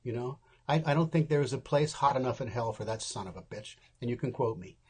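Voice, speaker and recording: A man's voice: medium pitch, animated, fast, darkish tone, husky. A man in his seventies, an interview guest, telling candid stories in a wry, casual way and acting out the people he quotes.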